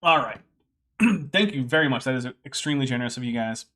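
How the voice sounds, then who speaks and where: A man's voice: medium pitch, lively intonation, quick pace, fairly bright tone. A man hosting a casual commentary stream, reading text aloud with wry, sarcastic asides. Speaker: host.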